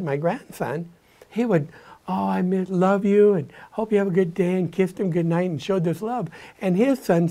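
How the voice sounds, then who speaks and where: An older man, a grandfather, shares parenting advice through plainspoken, reflective storytelling in a conversational tone. His voice sits high with a dark tone.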